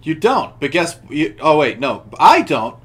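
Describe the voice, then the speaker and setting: A man's voice: fairly high pitch, sing-song, a little slow, fairly bright tone. Rambling young man recapping wrestling. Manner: rambling, many restarts, laughs while telling. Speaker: podcast co-host. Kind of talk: casual chat recapping wrestling.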